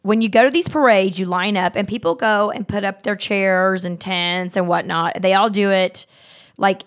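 A middle-aged woman hosting a podcast, telling stories in a blunt, animated way, swearing freely and acting out the people she quotes. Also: medium pitch, moderate pace. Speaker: podcast host. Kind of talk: casual storytelling chat.

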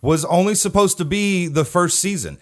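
A man's voice: sits high, moderate pace. A man co-hosting a casual chat podcast, telling anecdotes in a chatty way and laughing often as he goes. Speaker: podcast co-host.

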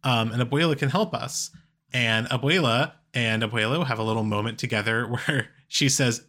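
A man co-hosting a podcast, recapping a story in a relaxed, chatty way with lots of fillers. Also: medium pitch, moderate pace. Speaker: podcast co-host. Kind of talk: casual chat recapping stories.

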